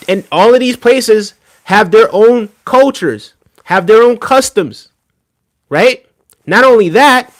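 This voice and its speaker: Emphatic streamer, higher male voice. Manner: emphatic, repeats "right?" often; reads and answers chat. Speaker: streamer reacting to video. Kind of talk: casual livestream reaction commentary.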